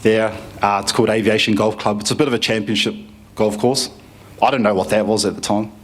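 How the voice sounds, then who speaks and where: A man's voice: lowish voice, brisk, husky. Easygoing New man telling a story. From New Zealand. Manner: relaxed storytelling, many fillers and restarts. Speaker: conference speaker giving a testimony. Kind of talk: personal testimony story.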